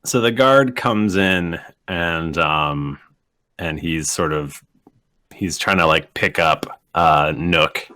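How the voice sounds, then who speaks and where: A man running a live-streamed tabletop game as game master, relaxed and hesitant with fillers. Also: sits low, slow pace.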